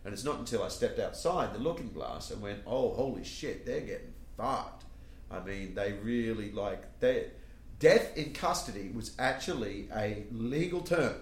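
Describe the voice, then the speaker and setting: An Australian man, a comedian, telling a story in casual podcast chat, swearing freely and getting animated. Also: fairly low pitch, moderate pace, echoey room. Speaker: comedian guest.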